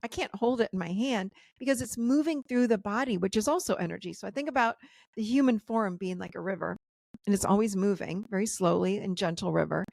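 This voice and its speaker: A woman coach talks on a video call in a lively, chatty way, laughing and acting out what her clients said. Her mid-range voice has a gravelly, fried edge. The sound is dry and close, with no room around it. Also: medium pitch, brisk, dry recording. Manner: animated, laughing, acts out client quotes. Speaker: guest coach and author. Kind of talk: casual interview chat.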